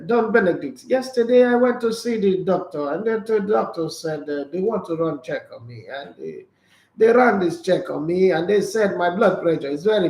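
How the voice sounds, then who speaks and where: A man's voice: on the high side, creaky, a little mellow, roomy sound. A man hosting a sports radio show, chatty and joking. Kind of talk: casual sports talk show.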